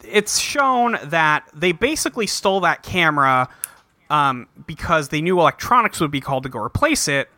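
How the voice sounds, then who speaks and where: A man's voice: fairly high pitch, sing-song, moderate pace, bright, forceful tone, no echo. A man co-hosting a podcast, recapping a TV episode in casual chat and rambling with lots of fillers. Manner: rambling, heavy "like" and "um", acts out characters in quotes. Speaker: podcast co-host.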